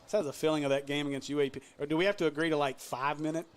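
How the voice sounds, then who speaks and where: Man, play-by-play announcer, high school football, slightly high voice, jokey, shouts on big plays. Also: fairly even intonation, very fast, slight background noise.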